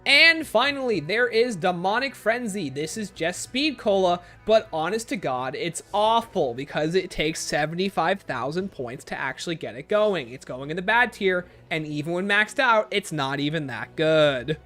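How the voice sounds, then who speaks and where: A man chatting casually on a gaming livestream, answering viewer comments and reeling off long lists in quick succession. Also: lively intonation, a bit bright, soft background music. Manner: rapid-fire listing, sliding up and down in pitch.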